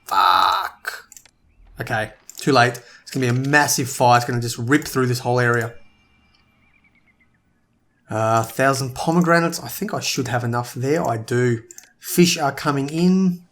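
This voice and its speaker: A man's voice: mid-range voice, normal speed. A man giving casual gameplay commentary, thinking aloud and sometimes tripping over his words. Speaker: let's play gamer.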